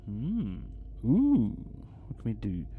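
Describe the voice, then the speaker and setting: A man's voice: on the low side, huge pitch swings, takes it slowly, husky, dry recording, narrow, tinny audio. A man hosting a let's play, commenting casually and reading game text aloud in a theatrical storytelling way. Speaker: gaming channel host.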